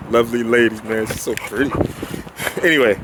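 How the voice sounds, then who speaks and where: A man's voice: sits high, animated, moderate pace. Rambling man walking his dog outdoors. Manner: rambling, loses his train of thought; laughs often. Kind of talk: casual rambling chat. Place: outdoors on a neighborhood street. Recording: noisy street with traffic.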